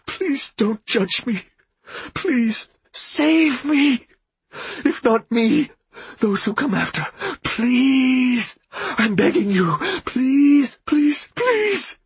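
A man's voice: very high-pitched, very animated, very slow, breathy edge, no echo, voice pushed up, heavily acted. A man voicing a broken grown man who begs through sobs in a trembling, crying voice. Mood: sobbing plea. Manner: sobbing, trembling, pleading.

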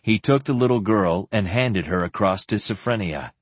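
Husky low-voiced male audiobook narrator. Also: normal speed, dry recording. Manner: expressive storytelling with voiced characters. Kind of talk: scripted fantasy narration.

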